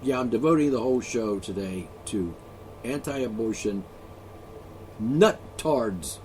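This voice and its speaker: A man's voice: mid-range voice, lively intonation, slow, darkish tone, a little hiss or hum. A man vlogging an angry solo rant, profane, sarcastic and mocking.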